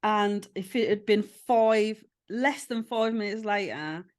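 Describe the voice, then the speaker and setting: A woman, a podcast host telling a family story with lively acted-out voices. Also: mid-range voice, slow. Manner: animated storytelling, acting out quoted voices. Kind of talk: casual chat.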